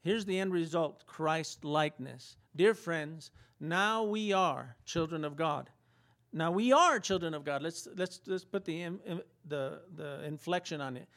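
A man's voice: a little high, unhurried, vocal fry, a bit bright. A man preaching a sermon in a conversational style, asking rhetorical questions and acting out quotes. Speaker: pastor.

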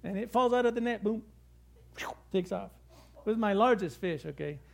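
High-voiced man preaching a lively sermon. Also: moderate pace, vocal fry. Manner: storytelling, lively and conversational. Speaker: pastor.

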